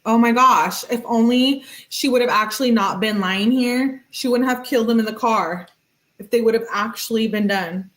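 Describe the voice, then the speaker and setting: A woman's voice: a little high, moderate pace, a bit bright. A woman hosting a true-crime video, giving casual and blunt commentary. She swears freely and drops Spanish words into her speech. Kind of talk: casual commentary reading out text messages.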